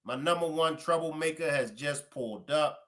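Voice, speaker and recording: A man's voice: a little high, moderate pace. Chatty Baltimore man hosting a stream. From Baltimore, USA. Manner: chatty, greeting viewers by place. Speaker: live stream host. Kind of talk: casual live stream shout-outs.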